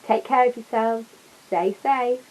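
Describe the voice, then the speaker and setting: Gentle woman reading a children's book. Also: a little high, unhurried, noisy background. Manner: gentle, adds asides to listeners. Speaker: storyteller.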